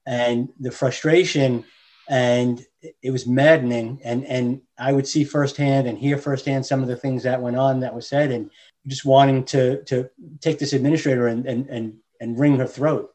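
A man guesting on a podcast, speaking earnestly and haltingly, with many restarts. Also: medium pitch, fairly even intonation, warm tone. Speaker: podcast guest, teacher's spouse. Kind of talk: casual podcast chat.

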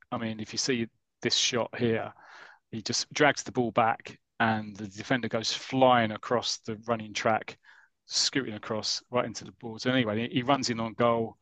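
A UK man with a lowish, fairly bright voice hosts a podcast, recorded without room sound. In casual chat he enthusiastically rambles through an old comic story, acting out the lines of its characters.

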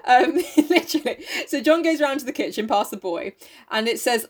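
A young woman co-hosting a casual podcast, animated and sweary, giggling as she reads a novel aloud and comments on it. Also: high voice, normal speed. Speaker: podcast co-host.

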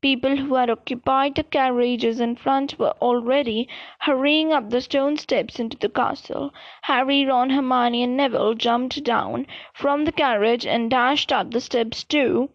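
A woman reading a novel aloud slowly and carefully, with small slips and restarts. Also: high voice, fairly even intonation, lo-fi sound. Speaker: reader. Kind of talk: amateur audiobook reading.

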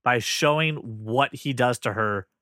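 A man co-hosting a casual movie review chat, animated and argumentative, swearing freely. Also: mid-range voice, measured pace, dry recording, clean studio sound.

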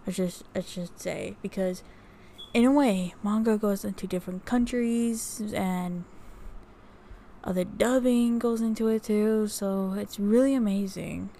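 Slow, rambling woman vlogger. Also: medium pitch, fairly even intonation, dark tone, slight background noise. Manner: rambling, many fillers and restarts; unhurried, reading notes off research. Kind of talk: casual talk to camera.

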